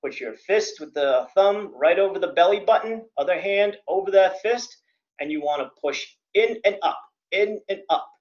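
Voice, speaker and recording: Male CPR instructor, plain-spoken lecture with dry humor, a bit high-pitched, muffled lo-fi audio. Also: expressive, moderate pace, a little mellow. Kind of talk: classroom lecture. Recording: dull lo-fi recording.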